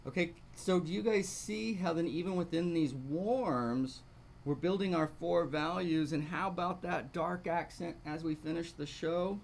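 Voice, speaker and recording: A man's voice: a little high, unhurried, vocal fry, slight background noise. Man teaching a painting lesson. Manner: talks through steps, asks rhetorical questions. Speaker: painting instructor. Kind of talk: live online painting lesson.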